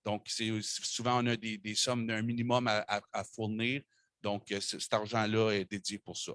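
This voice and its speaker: A man's voice: lowish voice, little pitch movement, moderate pace, a bit bright, dry recording. Hesitant bilingual man presenting a budget. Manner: hesitant, many fillers, switching between French and English. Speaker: council official presenting a budget. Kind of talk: formal meeting presentation.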